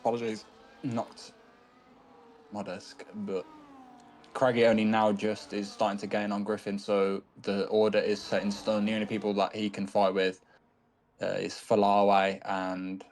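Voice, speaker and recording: A man's voice: lowish voice, monotone, measured pace, a little mellow, a little hiss or hum. A man co-commentating a live online race from his desk, often stumbling, correcting himself and apologizing. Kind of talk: live sim racing commentary. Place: home desk.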